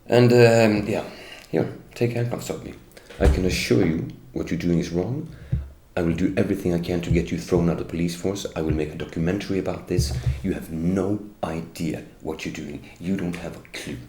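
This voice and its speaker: A Norwegian interviewee in middle age, whose first language is Norwegian, gives a first-person account in English, fairly quickly, his very low, gravelly voice warm in tone. Indignant and bitter, he keeps confronting the police he blames. The audio is roomy and echoey, faint ambience behind him.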